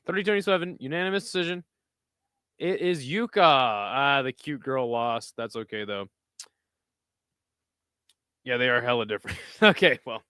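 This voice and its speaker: A man's voice: medium pitch, normal speed, long pauses, pushed and bright, clear, resonant tone, dry recording. A young American man hosting a casual fight watch-along stream, answering chat with dry sarcasm. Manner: sarcastic, talks back to chat messages. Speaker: livestream host reading chat.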